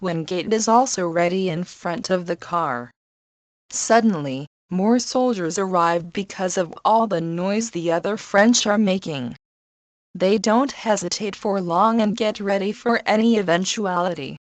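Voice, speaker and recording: Slow, measured woman narrator. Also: medium pitch, no room sound. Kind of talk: scripted story narration.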